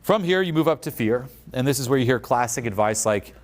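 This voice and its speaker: Animated man giving a motivational talk. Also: mid-range voice, a little fast, few pauses. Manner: animated, acts out quoted voices. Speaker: speaker. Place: conference stage.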